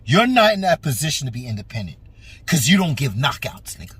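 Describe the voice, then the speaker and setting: A man's voice: medium pitch, big pitch swings, brisk, a bit bright, breathy edge, no room sound. A man hosting a boxing talk show, ranting with lots of swearing and talking straight at the fighter. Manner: profane, emphatic, talks straight at the fighter. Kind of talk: animated opinion rant.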